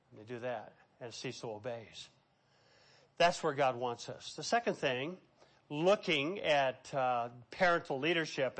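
High-voiced preaching man. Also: a bit bright. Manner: preachy, dramatic, reads scripture aloud, acts out quotes. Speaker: pastor. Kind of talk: sermon.

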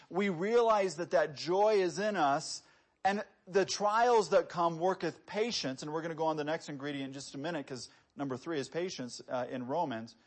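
High-voiced preacher delivering a sermon. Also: male voice. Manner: conversational, quoting scripture with rising emphasis; asks the congregation rhetorical questions.

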